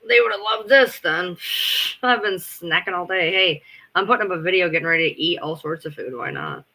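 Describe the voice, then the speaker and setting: A man's voice: high voice, very animated, fairly quick, pushed and bright. A man chatting casually on a live stream, rambling, swearing freely and answering his chat as he goes.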